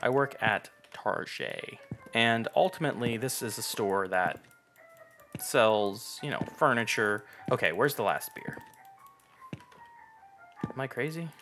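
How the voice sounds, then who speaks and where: A man's voice: mid-range voice, lively intonation, unhurried, long pauses, a bit bright, faint music behind. A young man giving loose, profane, sarcastic let's play commentary while he plays a game. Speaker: gamer.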